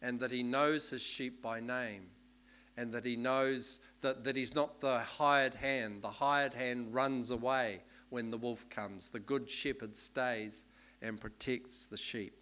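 A man giving a sermon in a relaxed, explanatory way, with many ums and restarts. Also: medium pitch, takes it slowly. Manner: conversational, explanatory, with fillers. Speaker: preacher.

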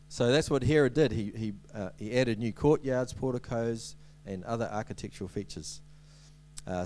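A man's voice: fairly low pitch, darkish tone, slight background noise. A man giving a sermon as a preacher, in a conversational way with many ums and restarts and light humorous asides.

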